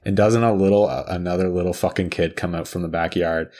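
Low-voiced woman telling a story. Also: steady tone, fast, mellow. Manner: swearing, storytelling with high-pitched voices for quoted people. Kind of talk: casual chat.

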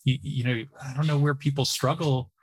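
A man hosting a casual interview in a mid-range voice. He talks haltingly, circling back and restarting his sentences as he works toward his point. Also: medium pitch, fairly even intonation, breathy edge. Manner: halting, many restarts and fillers. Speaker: podcast host.

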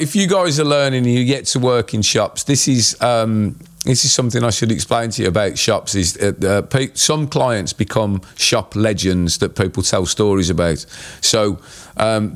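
A man's voice: lowish voice, moderate pace. A man, a tattoo artist telling anecdotes in a casual podcast chat, rambling with many fillers.

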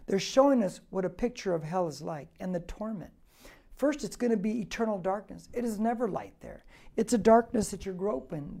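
A man's voice: high-pitched, creaky, warm tone. A male pastor teaching a Bible passage verse by verse, preaching emphatically with repetition and rhetorical questions.

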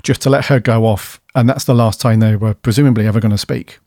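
A man's voice: lowish voice, fairly even intonation, fast, dark tone, no room sound, studio quality. A man co-hosting a podcast, musing and hedging through long, rambling questions. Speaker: podcast co-host. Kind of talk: casual chat. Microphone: studio dynamic mic.

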